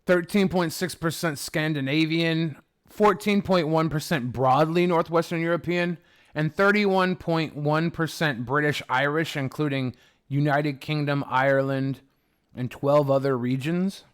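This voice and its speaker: With a fairly high, clear, resonant voice and a measured pace, a livestream host chats casually with his viewers while reading their comments. He is rambling, profane, and sarcastic throughout.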